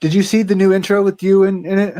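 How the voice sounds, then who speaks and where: A man's voice: high voice, level tone, dark tone. A young man, a streamer, chatting casually in a rambling way with lots of fillers. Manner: rambling, filler-heavy, quick. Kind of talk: casual chat.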